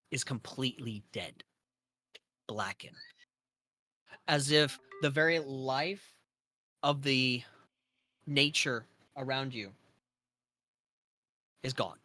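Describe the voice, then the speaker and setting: Slow, bright-voiced male game master. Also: mid-range voice, dry recording. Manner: slow descriptive narration with fillers. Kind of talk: narrating a tabletop game.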